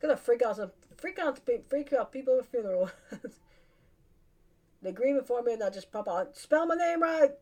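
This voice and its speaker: A woman's voice: fairly high pitch, fairly quick, long pauses, dark tone. Chatty laughing woman with a twang. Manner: rambling, chatty, laughs often, casual slang. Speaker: podcast host. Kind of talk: casual solo chat.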